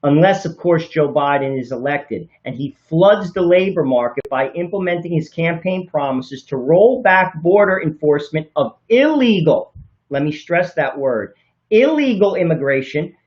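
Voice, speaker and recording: Man, political talk co-host, earnest, stumbles over words, slightly high pitch, slightly muffled sound. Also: moderate pace, few pauses. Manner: earnest, stumbles and corrects himself. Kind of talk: political talk show commentary.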